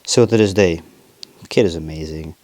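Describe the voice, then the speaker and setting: A young man hosting his own podcast, talking in a rambling, confessional way with lots of swearing and halting restarts. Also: low voice, a little mellow, no room sound. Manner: confessional, emotional. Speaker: podcast host. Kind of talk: casual personal monologue.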